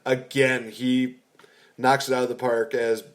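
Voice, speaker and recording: A man's voice: mid-range voice, flat delivery, unhurried. A man co-hosting a podcast, chatting casually and enthusiastically about a film, rambling with frequent restarts. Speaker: podcast co-host. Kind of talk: casual movie review chat.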